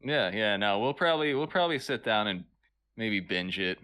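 A man co-hosting a comedy podcast, playing along with dry, deadpan asides. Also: on the low side, moderate pace, smooth. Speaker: podcast co-host. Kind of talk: comedic in-character podcast chat.

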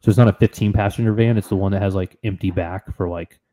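A man co-hosting a podcast, telling a trip story in an animated, excitable, casual way. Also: lowish voice, quick pace. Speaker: podcast co-host.

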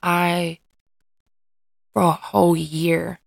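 A mother who hosts her own podcast delivers a candid personal monologue, talking hesitantly about her life, often restarting and searching for words, earnest and emotionally open. Her voice is fairly low and creaky, with a level tone and an extremely slow pace. There's no echo.

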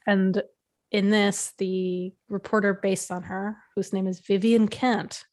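A woman's voice: medium pitch, flat delivery, slow pace, a little mellow. A woman in casual chat, reviewing a TV series and thinking aloud with lots of "like". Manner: chatty, thinks aloud with frequent "like".

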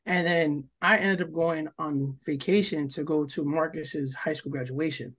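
Slightly high, husky and a bit bright, this young New Jersey man talks a little slowly with fairly even intonation. Co-hosting a casual storytelling podcast chat, he rambles through a long profane tale packed with "like" and "yo," acting out what people said.

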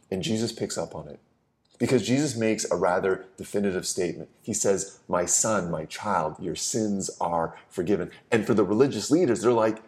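A man preaching a conversational sermon, often repeating words as he starts a phrase and dropping to a soft, low voice on key lines.

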